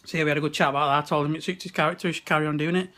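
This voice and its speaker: A young male vlogger from the West Midlands of England chats and laughs into a handheld camera held at arm's length at a wrestling event, swearing often. His voice sits on the high side, steady in tone, and comes out very fast, pushed and bright.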